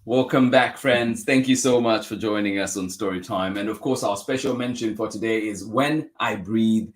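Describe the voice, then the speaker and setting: A man's voice: fairly low pitch, normal speed. A man hosting a children's story time, reading a picture book aloud and chatting upbeat with viewers, often laughing and thanking them.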